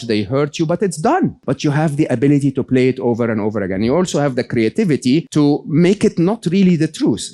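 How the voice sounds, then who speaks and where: A middle-aged man speaking to a live audience, telling stories and acting out quotes, questioning the room as he talks. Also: medium pitch. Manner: animated storytelling, acts out quotes, asks the audience questions. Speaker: speaker on happiness, podcast host.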